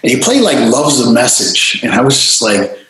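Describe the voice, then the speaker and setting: A man telling stories in a casual interview, animated and freely swearing, acting out voices. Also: mid-range voice, normal speed, heavy reverb, low-quality recording. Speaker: interview guest, DJ and producer.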